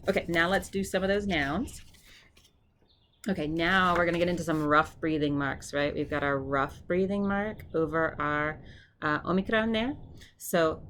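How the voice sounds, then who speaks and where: A woman tutoring her classmates, casually explaining each word and then repeating it slowly and clearly. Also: low-pitched, fairly bright tone, a little hiss or hum. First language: English. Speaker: seminary student tutoring classmates. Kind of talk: informal pronunciation drill.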